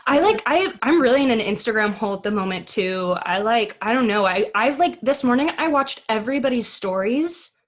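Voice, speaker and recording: A woman's voice: fairly high pitch, animated. A young American woman, an actress, chatting on a podcast in a bubbly, rambling way full of asides. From United States. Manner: bubbly, lots of "like" and quick asides. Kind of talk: casual chat.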